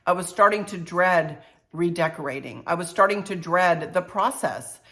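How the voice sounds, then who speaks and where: A woman's voice: lowish voice, pushed and bright. Snuffly older woman with a cold. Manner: unhurried, chatty, emotional. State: stuffy-nosed with a cold. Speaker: home decor vlogger. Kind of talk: casual heartfelt talk to camera.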